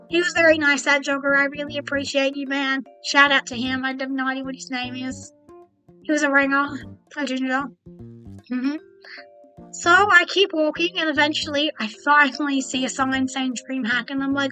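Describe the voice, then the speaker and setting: A woman's voice: sits high, steady tone, normal speed, pushed and bright, soft background music, rough recording. A young woman streaming as a VTuber, telling a rambling story and acting out her own thoughts as quoted asides.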